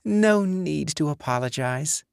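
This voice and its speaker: A polite, ambitious young woman, voiced by a male audiobook narrator, in a storybook reading. Her voice sits high and sleepy, with soft, fading replies and a gravelly edge underneath. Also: expressive, unhurried, dry recording, clean studio sound, heavily acted. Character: tired, polite career-driven young woman.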